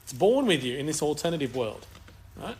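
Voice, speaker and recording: A man's voice: on the high side, big pitch swings, fairly quick, darkish tone. A man co-hosting a podcast, rambling crudely through casual banter and swearing freely. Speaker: podcast co-host.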